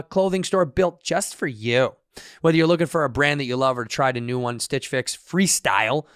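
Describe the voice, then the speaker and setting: Loud goofy voices pepper the casual banter and ad reads of this jokey podcast co-host. His voice sits in the mid range and sounds smooth, captured in clean studio audio without echo.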